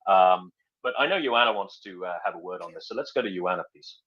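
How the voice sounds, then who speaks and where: A man from North Wales co-hosts an online chat, delivering dry, deadpan jokes. His low voice comes through a dull, lo-fi line. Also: brisk. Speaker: co-host. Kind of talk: casual live audio chat.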